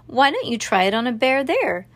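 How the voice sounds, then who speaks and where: A woman's voice: sits high, very animated, normal speed, fairly bright tone, no room sound, pitched above the performer's own voice, full character voice. A woman voicing a shabby old lion tamer who lectures in a showy, reassuring way, in a storybook reading. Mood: lecturing.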